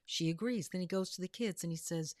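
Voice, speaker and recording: Low-voiced, lively woman chatting. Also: brisk, no echo, clean studio sound. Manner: animated storyteller who acts out quotes. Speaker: podcast co-host. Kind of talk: casual panel chat.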